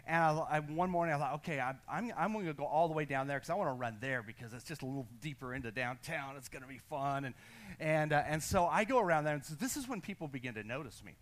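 An American pastor preaching to his congregation in a church, his voice sitting high for a man. He talks in quick bursts with restless energy, laughs at himself and calls on the listeners to answer back. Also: lively intonation, a bit bright. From United States. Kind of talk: sermon with personal story. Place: church sanctuary.

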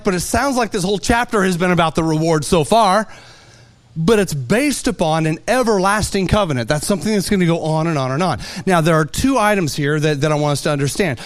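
A man preaching a sermon, animated and playful, telling everyday stories with lively asides. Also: high-pitched. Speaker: pastor.

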